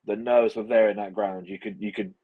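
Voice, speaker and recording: A man's voice: fairly low pitch, fairly even intonation, a little fast, slightly rough, narrow, tinny audio. A man co-hosting a podcast, talking in a wry, self-deprecating way. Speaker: podcast co-host. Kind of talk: casual chat.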